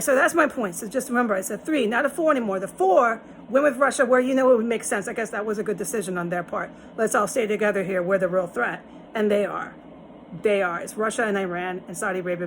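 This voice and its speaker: A woman's voice: mid-range voice, a bit bright, slight background noise, low-quality recording. A woman talking straight to her viewers in a rambling, emphatic monologue, swearing often and lecturing them. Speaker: vlogger. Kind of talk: direct-to-camera monologue.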